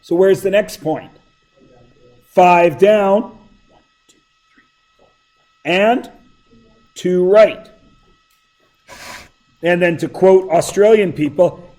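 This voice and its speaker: A man's voice: sits high, extremely slow, pauses often, a little mellow, low-quality recording. A middle-aged man teaching math to a class, with a sore throat, asking the students question after question. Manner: questioning, prompts students for answers. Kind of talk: classroom lecture.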